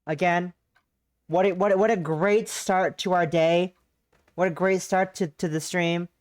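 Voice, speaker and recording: Low-voiced woman swearing through a stream. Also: steady tone, unhurried. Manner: profane, loud mock-outraged reactions. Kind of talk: casual game stream commentary.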